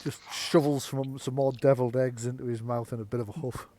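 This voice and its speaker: A man's voice: medium pitch, fairly even intonation, a little fast, mellow. A man narrating as game master of a tabletop game, with chatty, filler-filled storytelling.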